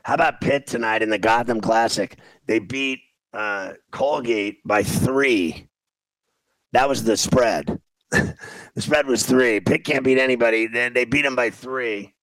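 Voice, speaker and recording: A man's voice: mid-range voice, unhurried, fairly bright tone, dry recording, rough recording. A man hosting a sports talk show, ranting in exasperation about a game as he watches it and repeating himself. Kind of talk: casual sports radio chat while watching a game.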